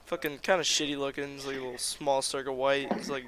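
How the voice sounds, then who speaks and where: A man's voice: mid-range voice, little pitch movement, quick pace, background noise. A man improvising a crude story in a rambling, laid-back way over voice chat. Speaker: comedy game player.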